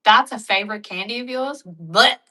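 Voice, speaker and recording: A young Australian woman chatting casually and bluntly with her viewers, joking and acting out animated retellings. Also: mid-range voice, moderate pace, rough recording. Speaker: vlogger. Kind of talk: casual chat reacting to viewer comments.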